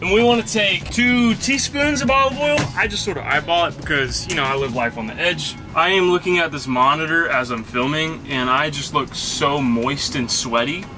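Casting note: high-pitched male vlogger, jokey and rambling, cooking in a van with music behind. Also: moderate pace, hardly any pauses. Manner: jokey, rambling, self-mocking. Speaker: vlog host. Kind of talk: casual cooking vlog. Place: inside a van in a parking lot.

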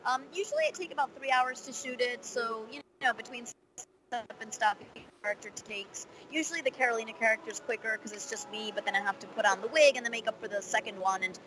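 A woman voice actor answering interview questions in a candid, lively way, with frequent fillers. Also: fairly high pitch, fast, noisy background.

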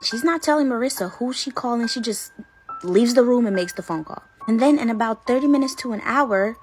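A woman casually telling a spooky story with suspenseful pauses. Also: a little high, darkish tone, faint music behind. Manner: dramatic, suspenseful. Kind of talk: casual spoken ghost story.

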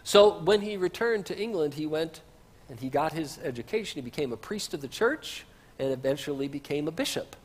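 A man's voice: a little high, expressive, brisk, breathy edge. A man preaching a sermon as pastor, in a conversational way with casual asides, in a church sanctuary. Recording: reverberant church livestream.

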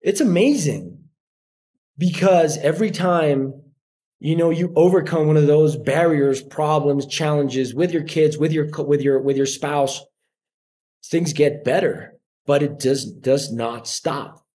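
A man in his forties speaks English with a Colombian Spanish accent, his voice sitting a little higher than most men's. He tells stories in a relaxed interview, often slipping into quoted voices of other people. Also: unhurried. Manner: animated storyteller acting out quoted voices. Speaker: podcast guest, actor. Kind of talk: casual interview chat.

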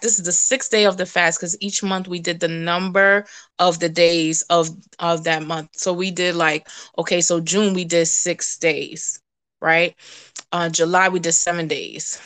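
A woman sharing a casual, animated testimony, laughing and jumping to high exclamations. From West Indian. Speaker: prophetic preacher.

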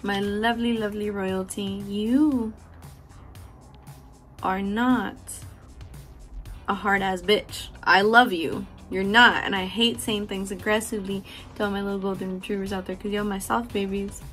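Woman, candid motivational talk, profane, affectionate, mid-pitched voice, soft background music. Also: fairly even intonation, unhurried. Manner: frank and profane, affectionate, laughs often. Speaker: beauty vlogger.

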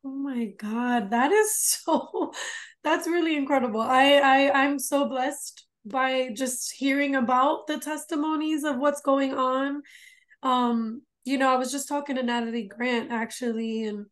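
A woman with a high voice hosts a relaxed interview. She affirms her guest warmly and then moves briskly into her own points. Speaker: interview host. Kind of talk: casual interview talk.

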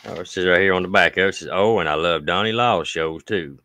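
A man with an Appalachian accent and a smooth voice, hosting a casual livestream and reading viewer mail in a folksy way, with long drawn-out thanks. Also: deep voice, pushed and bright, no echo.

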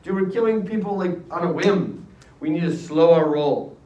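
A man's voice: fairly high pitch, normal speed, warm tone, muffled recording, natural voice. A man voicing a worried male revolutionary leader who pleads in casual slang. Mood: pleading. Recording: roomy, distant classroom recording.

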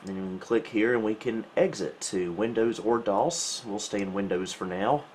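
A man's voice: on the low side, moderate pace, slight background noise. Wry man narrating retro gameplay. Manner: relaxed, wry, self-mocking asides. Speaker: retro computer channel host. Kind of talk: casual gameplay commentary.

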